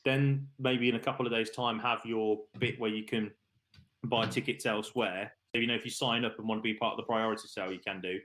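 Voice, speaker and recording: A man's voice: fairly low pitch, fairly even intonation, brisk, fairly bright tone. A man hosting a live online darts stream, chatting casually with co-hosts, laughing and reading out viewer questions.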